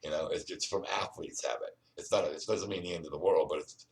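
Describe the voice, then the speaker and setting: Brief: low-voiced man, rapid and rambling, repeats "you know what I mean", preachy, sits back from the mic. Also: fairly even intonation, recorded from a distance, poor audio. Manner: repetitive, restarts often, keeps saying "you know what I mean"; earnest and preachy, urging the listener. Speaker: vlogger. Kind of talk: rambling personal monologue. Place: indoors at home.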